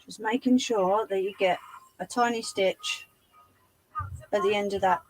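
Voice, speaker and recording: A woman hosting a live sewing tutorial, chatting to her viewers as she works, her voice going a little hoarse. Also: mid-range voice, fairly even intonation, unhurried, loud music behind the voice, low-quality recording. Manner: chatty, talks to live chat while demonstrating. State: losing her voice. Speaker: craft livestream host.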